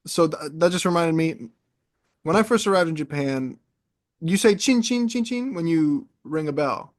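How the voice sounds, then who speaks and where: A young man in casual podcast chat, an animated storyteller who wanders into tangents. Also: fairly high pitch, moderate pace. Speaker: podcast co-host.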